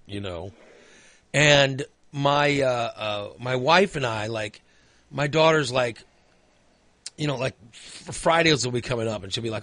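A man's voice: mid-range voice, lively intonation, takes it slowly, long pauses, sharp tone, dry recording. A man in his forties telling a long, rambling story in casual chat, full of fillers and restarts. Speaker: storyteller in a conversation. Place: indoors at a computer.

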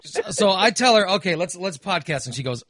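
Man, exhausted, podcast host, casual storytelling, animated, swears, fairly high voice, dry close sound. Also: a little fast, no room sound. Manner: animated, swears, acts out his own quotes.

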